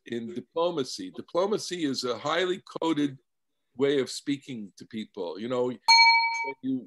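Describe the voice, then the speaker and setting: Animated rabbi teaching a class. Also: male voice, medium pitch. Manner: animated, explains with reasoning, repeats words. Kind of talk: Torah lesson with discussion.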